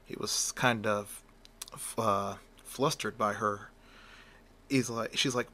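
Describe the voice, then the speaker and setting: A man's voice: on the low side, fairly even intonation, slow pace, pushed and bright. A man telling an improvised fan story, rambling with lots of fillers and restarts.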